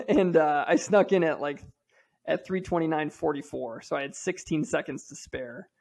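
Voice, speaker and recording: A man's voice: fairly high pitch, moderate pace, vocal fry, dark tone. A man in his thirties, a podcast regular, telling a candid, self-deprecating story in a casual way.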